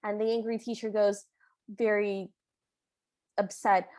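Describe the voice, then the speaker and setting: A woman co-hosting a podcast, retelling a movie in animated casual chat and briefly acting out what the characters say. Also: a little high, measured pace, no echo. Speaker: podcast co-host.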